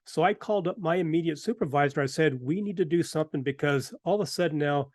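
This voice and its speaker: A man's voice: a little high, fast, no echo, studio quality. A middle-aged man hosting a talk show, telling a casual anecdote and acting out what people said. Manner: animated anecdotes with acted-out quotes. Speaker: host. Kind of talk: casual storytelling.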